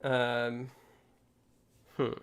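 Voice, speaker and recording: A man's voice: mid-range voice, monotone, very slow, fairly bright tone, a little hiss or hum. A man hosting a casual live stream from his home workspace, thinking aloud and explaining things step by step. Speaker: livestream host.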